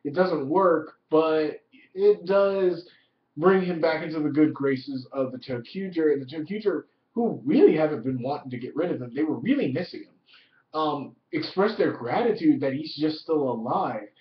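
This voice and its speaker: A man giving a casual spoken review of a TV episode, excited and profane, leaning heavily on "like". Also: a little high, moderate pace. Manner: excited, profane, heavy use of "like". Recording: roomy, distant, dull lo-fi audio.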